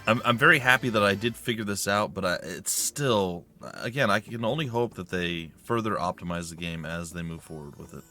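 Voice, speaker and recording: A man's voice: on the low side, a little fast, hardly any pauses, pushed and bright. A man hosting a let's play, chatting casually and rambling about his game. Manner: rambling, chatty, self-correcting. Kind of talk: casual gameplay commentary.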